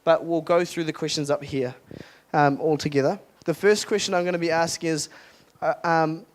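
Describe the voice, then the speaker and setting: A man's voice: a little high, fairly even intonation, moderate pace. A young adult man, a youth pastor, giving a casual, earnest sermon at a retreat with lots of restarts and fillers.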